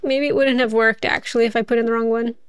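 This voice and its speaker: Chatty woman streamer with a high voice, talking herself through the game. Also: level tone, fast, slight background noise. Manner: chatty, thinks aloud, laughs often. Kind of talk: casual gameplay commentary.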